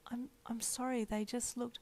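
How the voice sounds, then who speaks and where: A woman voicing a shy, remorseful young woman who speaks softly and almost in a whisper. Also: mid-range voice, brisk, dry recording, natural voice. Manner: soft, whispered and apologetic.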